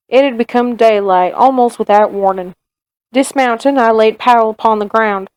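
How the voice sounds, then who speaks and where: A grave male frontier soldier with a Southern US drawl, as a woman reads him aloud, telling his tale in steady, measured storybook narration. The voice sits a little high for a man and sounds close and dry, with no room around it. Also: dry recording, lightly acted, rough recording. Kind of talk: reading a novel aloud.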